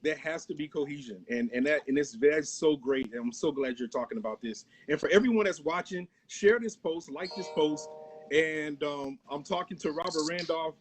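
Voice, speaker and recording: A man's voice: fairly high pitch, normal speed, faint music behind. A man hosting a conversation who affirms his guest and repeats points back. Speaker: host. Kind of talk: casual conversation.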